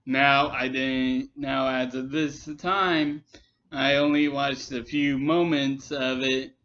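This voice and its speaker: A man's voice: mid-range voice, fairly bright tone. Man, vlog rant, exasperated, many restarts, dull lo-fi recording. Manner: halting, repetitive restarts, exasperated. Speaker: commentary vlogger. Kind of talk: rambling response rant.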